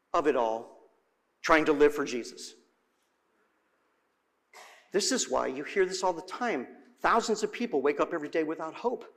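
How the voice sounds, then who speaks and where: A man's voice: sits high, fairly bright tone. A man preaching a sermon in a dramatic way, repeating words for emphasis.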